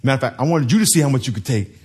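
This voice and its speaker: A man's voice: mid-range voice, animated, very fast, a little mellow, breathy edge. A man preaching a sermon to a congregation, telling stories, acting out voices and laughing. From United States.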